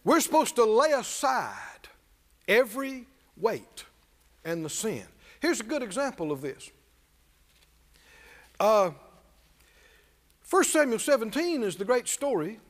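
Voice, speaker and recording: A man's voice: sits high, very animated, slow, pauses often. A man preacher delivering a sermon with call-and-response and humorous, folksy storytelling. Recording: reverberant church hall.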